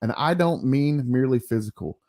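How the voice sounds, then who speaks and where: A man's voice: medium pitch, lively intonation, brisk, a little mellow, close to an everyday voice. Man reads an earnest young woman from a comic, plain delivery.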